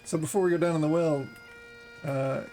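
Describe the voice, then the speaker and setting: A man's voice: on the high side, fairly even intonation, normal speed, mellow, faint music behind. A man hosting a let's play video, giving casual game commentary with a dry, teasing manner.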